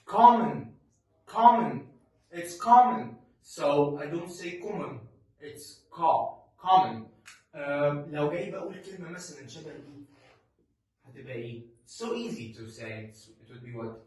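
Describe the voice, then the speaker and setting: A man with an Egyptian accent and Arabic as his first language gives an English pronunciation lesson in a slightly high voice. He stresses each model word and poses questions he answers himself. His voice rings through a very echoey room, picked up from a distance. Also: a little mellow. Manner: drawn-out, emphatic model words, asks and answers himself.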